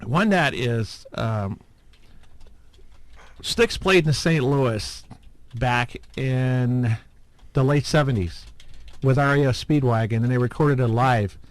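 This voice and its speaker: A man's voice: mid-range voice, slow, long pauses, no echo. A man hosting a podcast, chatting casually in a rambling, hesitant way with many fillers and chuckles. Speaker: podcast host. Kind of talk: casual chat.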